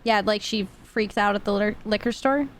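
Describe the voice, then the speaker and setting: A woman's voice: medium pitch, steady tone, moderate pace. A woman chatting casually on a podcast, swearing freely and joking. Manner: laughs often, swears, chatty. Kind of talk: casual chat.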